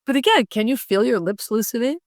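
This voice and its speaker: A middle-aged woman coaching public speaking, lively and often laughing as she demonstrates. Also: a little high, brisk, dry recording, clean studio sound. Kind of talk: instructive interview talk.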